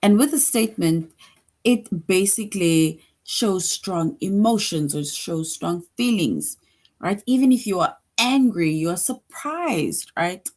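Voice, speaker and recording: A woman speaking slowly and patiently, as if walking young children through a grammar lesson. Her voice sits a little low, and she repeats each point and checks in with the class before moving on. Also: expressive, a little mellow. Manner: slow, patient, repeats points with frequent "right?". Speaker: teacher.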